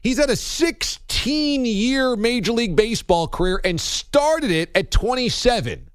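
A man's voice: very high-pitched, very animated, measured pace, smooth, no room sound, studio quality. A man hosting a sports talk show, joking around and rattling off baseball stats in a casual, wry way.

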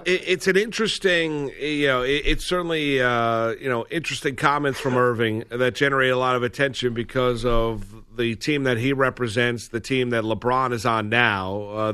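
A man's voice: mid-range voice, pushed and bright, smooth, dry recording. A man hosting a sports radio show, talking in a rambling way with many fillers and restarts.

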